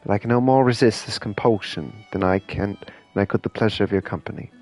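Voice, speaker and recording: An earnest wizard read by a man writing a farewell, delivered in a low, halting read. The words come out slow and sincere, tripping now and then, with faint music behind. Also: darkish tone, close to an everyday voice. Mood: solemn. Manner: stumbling, halting reading.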